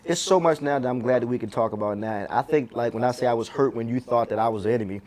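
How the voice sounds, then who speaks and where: A man's voice: medium pitch, quick pace, a little mellow. A man hosting a radio interview, talking casually and agreeing often as his guest speaks. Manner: casual, empathetic, frequent agreeing backchannel. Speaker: radio host. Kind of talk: interview conversation.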